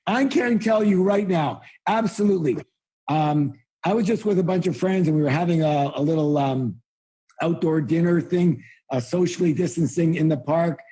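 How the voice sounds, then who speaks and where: A man's voice: normal speed, husky. Blunt, emphatic male seminar speaker. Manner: blunt and emphatic, peppered with rhetorical questions and mild swearing; often bursts into loud, high-pitched exclamations. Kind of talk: live motivational seminar talk.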